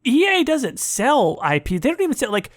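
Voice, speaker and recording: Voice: high-pitched, big pitch swings, normal speed. A podcast co-host in a casual gaming chat, musing aloud with a wry edge.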